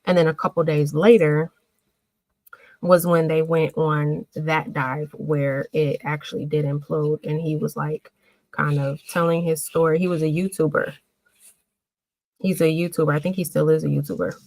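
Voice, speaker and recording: A woman hosting a casual livestream, chatting with viewers and answering their comments in an emotional, animated way. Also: low voice, normal speed, no room sound, poor audio. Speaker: livestream host.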